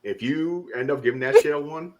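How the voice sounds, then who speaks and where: Excitable, loud-swearing podcast guy. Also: a little high, a little fast, dull audio, a crowd in the background. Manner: emphatic, swears a lot, gets loud when excited. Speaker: podcast co-host. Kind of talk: casual chat.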